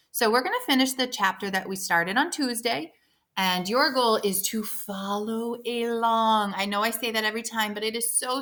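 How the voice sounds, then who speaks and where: A woman teacher of fifth graders giving instructions and reading a novel aloud to her class, encouraging and instructive, with quick asides. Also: medium pitch, sharp tone.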